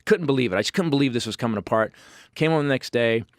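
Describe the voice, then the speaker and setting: Man, comedian guest, rapid-fire candid storytelling, emphatic, dry close studio mic. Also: expressive, no echo. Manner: fast, emphatic, acts out quotes with sudden pitch jumps. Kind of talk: candid talk-show storytelling.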